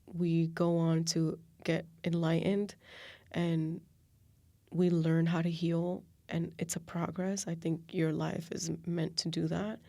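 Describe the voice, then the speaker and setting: A woman in her late twenties hosting a reflective solo podcast, talking softly and confessionally and often sinking into a whisper. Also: on the low side, level tone, slow pace, no echo. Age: 20s. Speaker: podcast host.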